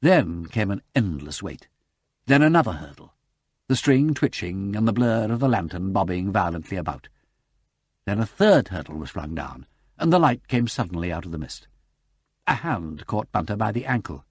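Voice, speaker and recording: A man reading a novel aloud as an audiobook narrator, with dramatic, lively narration. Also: on the low side, normal speed, husky, no echo, clean studio sound. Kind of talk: scripted narration.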